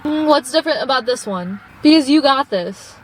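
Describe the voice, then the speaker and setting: A young woman with a noticeably high voice talks to her phone camera in a casual motivational vlog. She is earnest and encouraging throughout and calls her viewers babe, like a supportive friend. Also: expressive, normal speed, a little hiss or hum, rough recording. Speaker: vlogger. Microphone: phone propped up.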